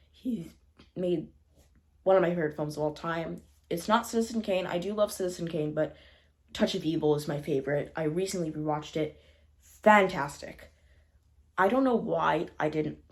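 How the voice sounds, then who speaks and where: A woman's voice: on the low side, darkish tone. A young woman casually reviewing old films on her channel, rambling, correcting herself and apologizing often. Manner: chatty, rambling, frequent self-corrections and apologies. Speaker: film reviewer. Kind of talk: casual unscripted film review.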